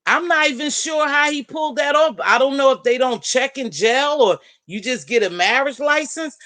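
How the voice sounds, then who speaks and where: A woman hosting a casual live-stream panel, chatting and gossiping in an animated way and calling out friends by name. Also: sits high, moderate pace, no room sound. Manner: animated, talks straight to viewers and friends by name. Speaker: panel host.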